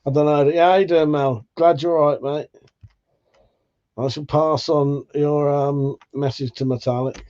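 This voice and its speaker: A man with a slightly high voice talks casually to his stream viewers. He sounds tired and laid-back and swears often. The audio is a little dull and lo-fi. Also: fairly even intonation, measured pace, mellow. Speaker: livestream host. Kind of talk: casual live chat.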